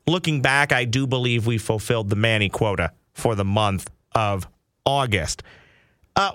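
A man hosting a sports podcast, talking in an excitable, playful patter. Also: on the high side, smooth, dry recording, clean studio sound. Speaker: podcast host. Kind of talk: casual sports podcast chat. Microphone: headphones with studio mic.

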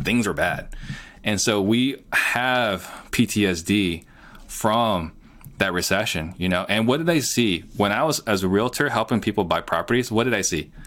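A man's voice: lowish voice, fairly bright tone. A middle-aged man, a guest on an interview show, talking earnestly and plainly with lots of "you know". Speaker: guest, real estate entrepreneur. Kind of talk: casual interview talk.

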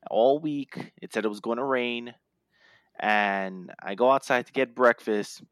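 A man co-hosting a casual podcast, talking in an animated, ranting way with playful self-hype. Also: medium pitch, measured pace, dry recording, studio quality. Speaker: podcast co-host. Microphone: remote podcast mic.

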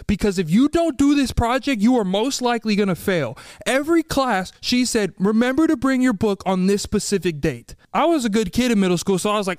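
A man's voice: high-pitched, lively intonation, a little fast, few pauses, smooth, no room sound, studio quality. A young man hosting a podcast, telling a story animatedly and acting out other people's lines. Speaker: podcast host.

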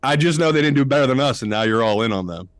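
A man's voice: medium pitch, animated, fast talker, dry recording. A man with a mid-range voice co-hosts a betting podcast, loose and teasing, with casual swearing. He jokes with his partner while arguing picks. The mic is close and dry. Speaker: podcast co-host, sports betting analyst. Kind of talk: casual sports betting debate.

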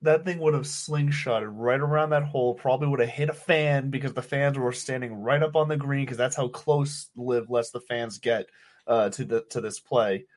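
Relaxed man chiming in on a podcast. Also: medium pitch, normal speed. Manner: chimes in, laughs along. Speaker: podcast co-host. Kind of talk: casual golf podcast chat.

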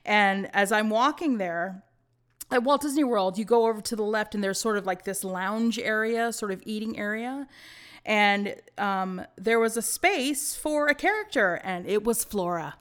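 A woman in her forties chats as a podcast guest. She tells her stories with excitement and laughs often. Her voice sits at a middle pitch. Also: normal speed. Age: 40s. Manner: excitable storyteller, bursts of laughter. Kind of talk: casual podcast chat.

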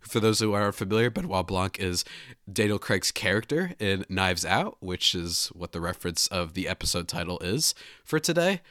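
A man hosting a casual podcast, talking in an animated, chatty way with frequent restarts on a close mic. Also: sits low, moderate pace, dry recording. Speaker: podcast host.

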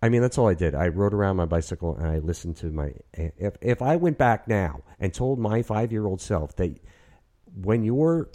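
A man in his fifties hosting a podcast, chatting in an excitable, rambling way from his apartment. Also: lowish voice, moderate pace. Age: 50s. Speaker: podcast host. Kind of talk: casual chat.

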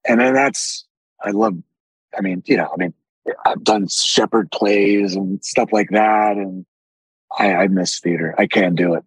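A man with a deep, raspy voice, telling animated stories with frequent swearing as a podcast guest. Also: a little slow, no room sound, low-quality recording. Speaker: actor guest. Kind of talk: casual podcast interview.

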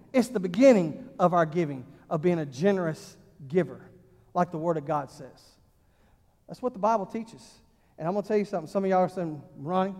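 A high-voiced man preaches a folksy, emphatic sermon. He swings from loud punches to quiet asides. His voice carries a long reverb from a large church hall. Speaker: pastor.

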